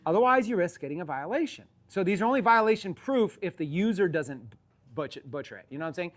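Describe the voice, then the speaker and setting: A man's voice: high voice, very animated, quick pace. A man coaching online sellers in a casual, rambling teaching talk, often repeating himself.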